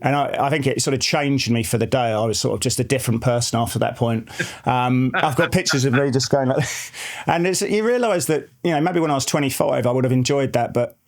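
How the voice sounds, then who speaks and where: Forties male finance co-host, casual and rambling, mid-pitched, lots of "sort of" fillers. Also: fairly quick. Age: 40s. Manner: rambling, many fillers and restarts. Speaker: market research head co-hosting a finance show. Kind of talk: casual market chat.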